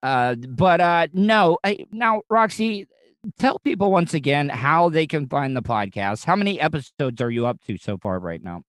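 A man's voice: on the high side, very animated, moderate pace, a bit bright, no echo. An American man from Florida hosting a casual podcast interview outdoors, rambling and repeating words as he jokes. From Central Florida, US. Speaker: podcast host. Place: outdoors in rain, taking cover.

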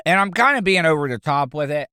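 A man's voice: a little high, lively intonation, fast, sharp tone, smooth. A man hosting a solo podcast, rambling with stammering restarts and crude jokes. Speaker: podcast host. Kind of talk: casual solo monologue.

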